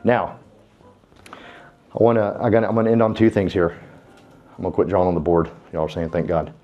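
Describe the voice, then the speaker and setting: A man with a low voice and flat delivery speaks a little fast, sounding muffled. As a real estate team speaker, he gives a folksy, fired-up motivational speech to a live room of agents, urging them on like a preacher.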